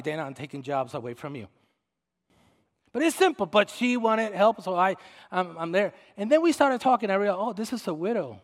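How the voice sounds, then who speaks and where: High-voiced preaching man in a hall. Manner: swings from shouted preaching to quiet storytelling. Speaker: pastor. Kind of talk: sermon. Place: church. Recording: long reverb of a church hall.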